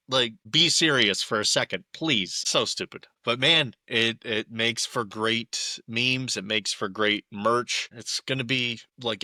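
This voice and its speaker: A man's voice: fairly low pitch, sharp tone, no room sound. A young man hosting a podcast alone, giving opinionated political commentary with emphatic, exasperated asides. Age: young adult. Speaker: podcast co-host.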